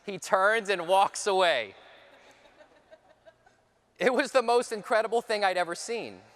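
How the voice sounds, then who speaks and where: A man's voice: sits high, measured pace, a bit bright. Man telling a story in a big hall. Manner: dramatic storytelling, dropping to near whispers for repeated phrases. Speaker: conference speaker. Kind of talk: personal story speech.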